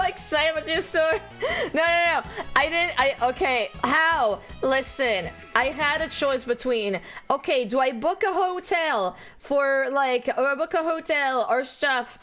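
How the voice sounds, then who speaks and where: Bubbly high-voiced woman streamer. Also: measured pace, fairly bright tone, soft background music. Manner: bubbly, laughs often, squeals when thanking viewers. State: sleep-deprived. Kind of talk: casual live-stream chat.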